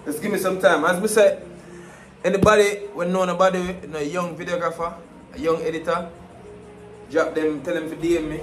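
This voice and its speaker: A man's voice: sits high, steady tone, brisk, faint music behind. A young man vlogging casually at an airport, laid-back and full of street slang. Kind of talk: casual travel vlog. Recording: echoey space with faint noise.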